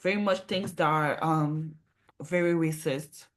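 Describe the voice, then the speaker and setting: A woman's voice: low-pitched, fairly even intonation, a little slow. A woman hosting casual commentary on a clip, speaking earnestly and checking in with rhetorical "right?" asides. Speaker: commentator host.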